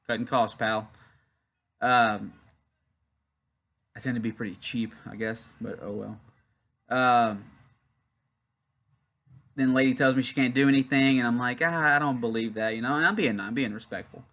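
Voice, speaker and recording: Pausing often, the Louisiana host speaks at a moderate pace in a mid-range, slightly bright voice with fairly even intonation. He's a young man running a casual wrestling watch-along on YouTube, telling a rambling story between match comments.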